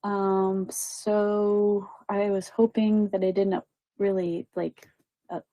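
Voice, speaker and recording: A woman's voice: medium pitch, level tone, slow pace, mellow, no echo, poor audio. A woman telling a story as a medium, chatty and full of fillers and quoted voices. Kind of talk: casual storytelling.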